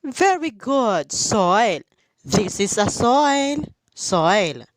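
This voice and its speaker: A woman's voice: medium pitch, big pitch swings. A woman teacher leading a phonics reading lesson for young children, drilling sounds and praising often. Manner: slow, sing-song drilling with praise.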